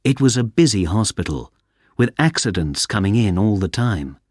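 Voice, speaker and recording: A man narrating a simple story for English learners in a clear, careful reading. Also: fairly low pitch, sing-song, moderate pace, darkish tone, dry recording, studio quality. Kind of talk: slow scripted storytelling.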